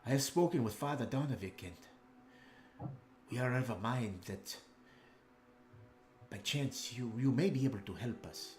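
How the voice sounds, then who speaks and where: A man voicing a solemn, protective older brother who speaks slowly and formally, pleading for help. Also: mid-range voice, expressive, slight background noise, voice pushed up, natural voice. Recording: roomy echo.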